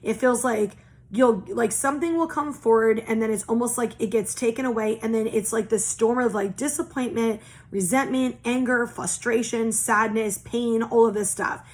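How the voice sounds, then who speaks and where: A woman's voice: fairly high pitch, normal speed. A young woman giving a casual spiritual oracle reading, earnest and reassuring, repeating phrases in long lists and swearing casually. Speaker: tarot and oracle reader.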